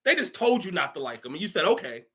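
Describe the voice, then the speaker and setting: A man's voice: sits high, big pitch swings, quick pace, a bit bright. Heated, preachy streaming man. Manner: preachy and heated, with stammering restarts and mocking asides. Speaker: livestream commentator. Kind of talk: emotional livestream rant.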